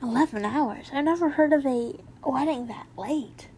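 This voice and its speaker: A woman's voice: high-pitched, normal speed, a little mellow, a little hiss or hum. A young woman casually reading fanfiction aloud, chatty and laughing as she comments on the story. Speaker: fanfiction reader.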